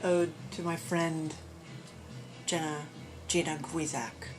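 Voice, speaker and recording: A woman with a lowish voice chats her way through a home show-and-tell, upbeat and rambling, full of little fillers. Clear music plays behind her the whole time. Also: fairly even intonation, slow pace. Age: adult parent. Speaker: puppet collector showing her collection. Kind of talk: casual show-and-tell chat. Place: home room full of collectibles.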